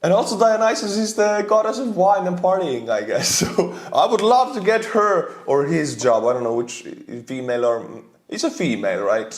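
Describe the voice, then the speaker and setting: A man's voice: high-pitched, moderate pace, few pauses, reverberant. A man with an Estonian accent, rambling and chuckling as he reacts to memes. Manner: rambling, chuckling, earnest asides. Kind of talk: casual reaction commentary.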